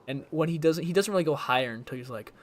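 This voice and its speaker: A man's voice: on the high side, expressive, quick pace. A young man streaming a video game, rambling casually and trying out voice impressions between moves. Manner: chatty, jumps between topics, tries voice impressions.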